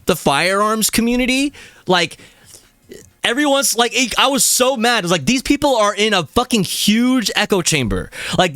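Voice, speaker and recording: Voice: medium pitch, fairly bright tone, no room sound. A young adult streamer in a casual live-stream rant, heated and profane, breaking into laughs.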